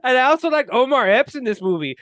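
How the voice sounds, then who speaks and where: A man co-hosting a podcast, talking casually and profanely, acting out movie scenes with lively energy. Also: very high-pitched, fast talker, no echo, studio quality. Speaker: podcast co-host. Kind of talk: casual chat.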